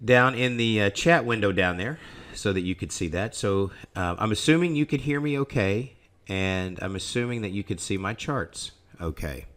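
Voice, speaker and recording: A man's voice: fairly low pitch, normal speed, a bit bright. A man hosting a live trading session, talking casually and rambling, often restarting his sentences. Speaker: trading room host. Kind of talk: casual live market commentary.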